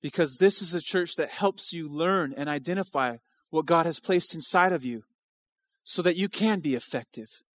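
A man's voice: on the high side, normal speed, no room sound. A male pastor preaching an impassioned sermon at a church service, driving home repeated rhetorical questions.

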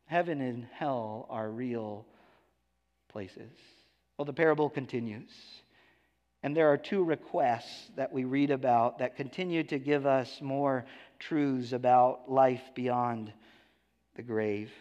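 A male pastor preaching a sermon, emphatic, swinging between hushed lows and raised declarations. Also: takes it slowly, long reverb tail, dull audio.

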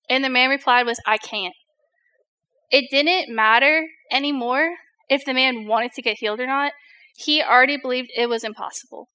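Young woman, youth-group speaker, high and bright, casual joking sermon delivery. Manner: chatty, filler-heavy, jokes with the audience.

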